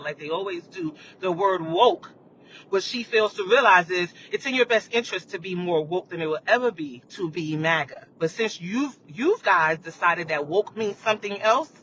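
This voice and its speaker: A man hosting a casual live chat, rambling about current events and checking in with viewers with "you know what I mean". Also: bright, forceful tone. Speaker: livestream host. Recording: muffled lo-fi audio with faint rumble.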